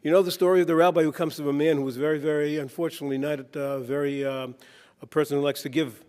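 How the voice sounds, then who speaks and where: A man's voice: fairly high pitch, fairly even intonation, fast, a little mellow. A man delivering a conference keynote speech, weaving jokes and anecdotes into a preacher-like cadence. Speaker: keynote speaker. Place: conference hall. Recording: long reverb in a conference hall.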